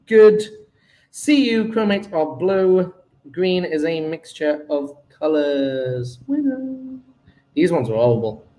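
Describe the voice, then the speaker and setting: Man, high-pitched voice, chemistry teacher, casual exam review, chatty, self-deprecating. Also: big pitch swings, slow, dark tone, poor audio. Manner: chatty, self-deprecating, exclaims at his own mistakes.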